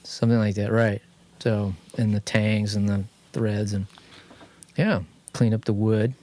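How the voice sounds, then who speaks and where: A man with a Californian accent co-hosting a podcast, telling a long garage story in a rambling, animated way. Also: fairly low pitch, measured pace. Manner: rambling, animated anecdote telling, quotes others in lively voices. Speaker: podcast co-host. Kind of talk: casual garage chat, storytelling. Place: home studio.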